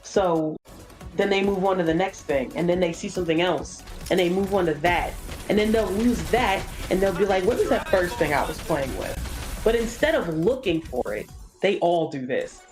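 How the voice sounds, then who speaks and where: A young woman chatting casually during a game stream, telling stories with lots of "like" and swearing, copying kids in squeaky voices. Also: normal speed, over music, poor audio. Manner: casual swearing, says "like" a lot. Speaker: streamer co-host. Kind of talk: casual chat while gaming.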